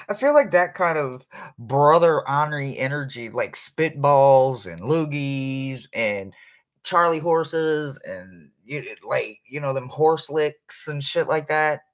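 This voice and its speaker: A psychic reader giving a casual, rambling live reading for viewers, chatty and quick to laugh, with informal slang. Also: mid-range voice, lively intonation.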